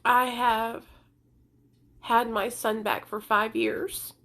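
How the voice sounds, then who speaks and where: Young woman, high voice, crying through an earnest personal vlog. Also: flat delivery, slow pace, fairly bright tone. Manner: tearful, earnest, pleading. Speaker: content creator sharing recovery story.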